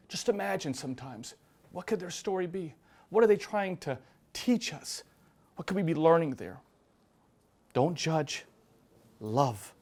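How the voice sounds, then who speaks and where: This priest's voice sits on the high side as he gives a sermon to a live audience. He acts out quotes within his stories and alternates between forceful emphasis and quiet, hushed lines.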